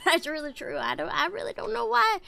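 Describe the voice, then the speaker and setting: A woman's voice: very high voice, expressive, moderate pace, creaky, sharp tone, soft background music, exaggerated voice. A woman streaming a game in character as a bashful male cowboy outlaw, stammering and rambling with frequent laughs.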